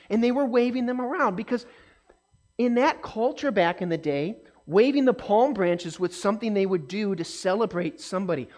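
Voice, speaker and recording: A woman telling a Bible story to children in an animated way, often asking the kids questions. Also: mid-range voice. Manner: acts out voices and quotes in the story.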